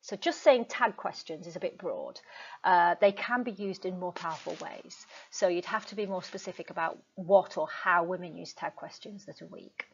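A woman's voice: lowish voice, moderate pace, creaky, slightly rough. A woman teacher giving a recorded lecture in a chatty way, with frequent ums and asides. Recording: dull lo-fi recording.

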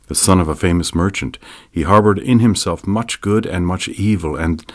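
A man narrating an audiobook in a measured, deliberate reading. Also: very deep voice. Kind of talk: scripted narration.

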